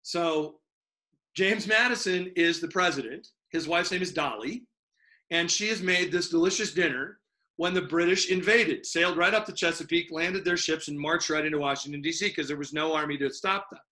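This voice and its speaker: A man teaching an online history class in an animated, joking, rambling way over a video call. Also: fairly high pitch.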